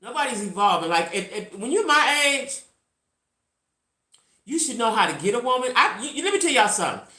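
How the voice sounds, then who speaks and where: A woman of about sixty talks straight to her viewers in a blunt, salty manner, hammering points home by repeating them. Her voice is bright and forceful, and her pitch swings widely. The sound carries a roomy echo. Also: sing-song, brisk. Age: around 60. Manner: reacts to live chat. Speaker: vlogger. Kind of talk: casual storytelling to viewers.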